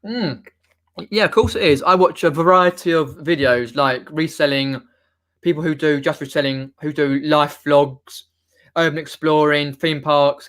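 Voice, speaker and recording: A young adult man from southern England, near London, speaks with a Mockney accent in a slightly high, fairly bright voice. Chatting casually on a live stream, he reads viewer comments and rambles with many restarts.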